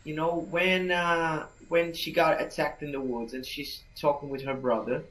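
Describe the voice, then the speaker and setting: Rambling animated man on a podcast. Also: on the high side, moderate pace, rough recording. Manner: rambling, animated, acts out scenes. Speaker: podcast co-host. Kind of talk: casual chat.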